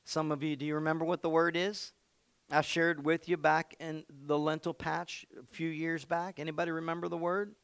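Man, preacher, sermon, gravelly, bright, dry close sound. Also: fairly high pitch, little pitch movement, normal speed, no room sound. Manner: dramatic, shouting bursts, playful with the crowd.

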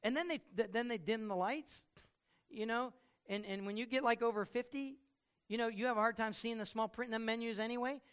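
A middle-aged man preaching a sermon as pastor, telling stories with loud outbursts and quiet reflective stretches. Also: very high-pitched, a little fast, clear, resonant tone.

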